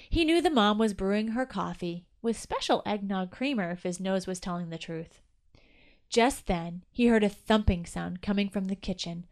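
A woman's voice: medium pitch, a little mellow. A woman narrating a children's Christmas story aloud.

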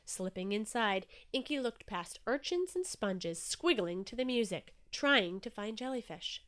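Woman, storyteller, children's storybook narration, gentle, expressive, slightly high voice. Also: unhurried.

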